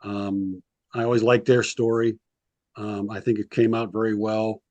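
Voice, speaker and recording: A man's voice: lowish voice, flat delivery, a little slow, a little mellow, no echo, muffled recording. Rambling man spinning old stories, dry sound. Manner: rambling anecdotes with frequent ums, acts out quotes. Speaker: sports historian and author, guest. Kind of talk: casual storytelling interview.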